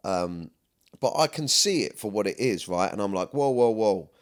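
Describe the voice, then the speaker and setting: A man's voice: deep voice, animated, moderate pace, a bit bright. A man hosting a podcast, talking earnestly and at length in a rambling, candid way. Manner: rambling, earnest, often asks "do you know what I mean". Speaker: podcast host. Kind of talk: candid personal chat.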